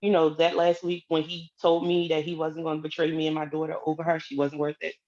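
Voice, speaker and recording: A woman's voice: sits low, fast talker, highs cut off. A woman telling a personal story in a casual way, acting out the lines of the people in it. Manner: animated, acts out quoted dialogue.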